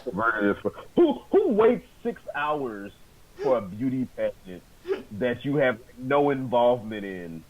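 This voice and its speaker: A man's voice: mid-range voice, big pitch swings, a little slow, muffled recording. Blunt, stammering co-host man. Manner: blunt, swears casually, stammers. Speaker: movie review co-host. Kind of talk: casual review chat.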